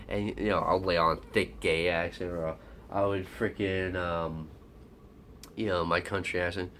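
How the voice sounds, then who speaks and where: A man with a very low, deep voice tells a personal story casually. He rambles, swears bluntly and leans on fillers. A faint background hum sits behind him. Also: fairly even intonation, moderate pace, a bit bright. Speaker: vlogger.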